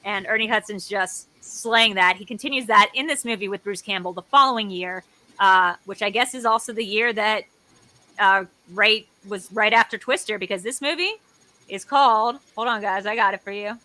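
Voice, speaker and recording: Bright, excitable woman co-host. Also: medium pitch, normal speed. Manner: excitable, jokey, rambling. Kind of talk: casual chat.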